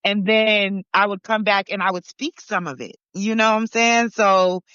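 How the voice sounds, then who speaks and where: A woman's voice: mid-range voice, moderate pace, fairly bright tone, clean tone, no echo. A woman from Barbados and New York talking casually, rambling with many fillers and restarts. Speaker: podcast participant. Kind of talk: casual conversation. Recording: dull lo-fi.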